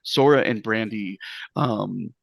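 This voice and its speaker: A man's voice: fairly low pitch, takes it slowly, vocal fry, no room sound. A man narrating a tabletop game as game master, rambling with many fillers.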